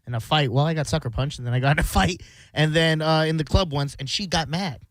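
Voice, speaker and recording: A man co-hosting a radio talk show, telling a personal story in an animated, rapid way. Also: on the high side, dry recording. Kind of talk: casual storytelling chat.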